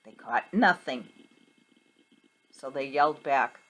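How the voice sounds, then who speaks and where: A middle-aged Sunday school teacher tells children a Bible story, animated and full of questions. She speaks slowly, her pitch ranging widely in a sing-song way.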